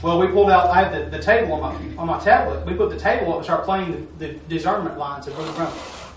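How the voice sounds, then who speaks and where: Folksy preacher in an echoey room. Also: male voice, on the high side, quick pace. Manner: folksy, repetitive, with "I'm telling you". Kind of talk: testimony during a church talk. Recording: echoey room, mic far off, faint noise.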